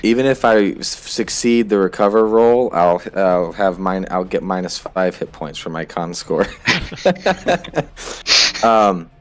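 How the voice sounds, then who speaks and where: A man's voice: sits low, fairly even intonation, unhurried, few pauses. A man playing in a tabletop game, thinking aloud and hesitating over his choices. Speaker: player.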